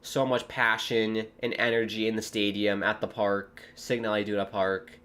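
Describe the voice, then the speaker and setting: A young American man, a streamer commentating live on a football match with viewers, bursting into loud exclamations at big moments. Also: on the low side, level tone, normal speed. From United States. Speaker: watchalong streamer.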